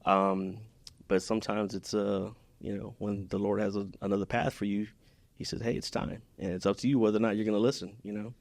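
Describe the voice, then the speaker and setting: Earnest gravelly man, podcast guest. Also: fairly low pitch, flat delivery, fairly quick, darkish tone, no room sound. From Houston, Texas. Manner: earnest and heartfelt, frequent restarts. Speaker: podcast guest, business owner. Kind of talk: casual interview chat.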